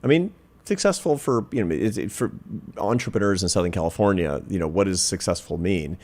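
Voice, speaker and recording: Brief: man, 50s, low voice, interview guest, reflective storyteller who lands his points with force. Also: lively intonation, fairly quick, a little mellow. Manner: earnest, reflective, builds to emphatic points. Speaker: guest, social scientist.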